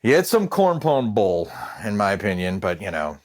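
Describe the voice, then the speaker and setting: A man talking casually as a guest on a podcast, laughing often and breaking into animated asides. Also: lowish voice, normal speed. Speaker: guest, guitar pedal maker. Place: lives in South Carolina.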